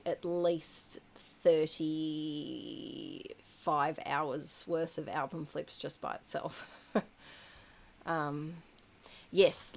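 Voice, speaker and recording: A woman in her thirties hosts a relaxed live stream, answering chat messages one by one. Her voice sits on the low side and she talks at an unhurried pace, filling pauses with ums and small giggles. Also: creaky. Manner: chatty, frequent ums, giggles. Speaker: livestream host reading chat.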